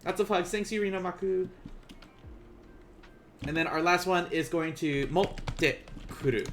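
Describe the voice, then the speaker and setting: A man teaching a casual live-streamed Japanese lesson, joking with viewers and slowing down to pronounce each word. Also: high voice, steady tone, a bit bright, slight background noise. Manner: playful, laughs and teases chat viewers; slows down to pronounce Japanese words.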